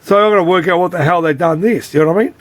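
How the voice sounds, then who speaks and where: A man's voice: fairly high pitch, fast. An Australian man who repairs arcade boards, chatting casually and rambling, swearing freely and calling the viewer mate. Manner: rambling, swears often, keeps saying "mate". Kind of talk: casual unscripted video chat.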